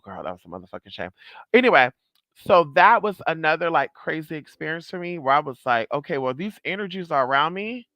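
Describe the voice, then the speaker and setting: Animated young male storyteller, bright and slightly high, dry close-mic sound, dramatic and profane. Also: dry recording. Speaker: vlogger. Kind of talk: casual storytelling.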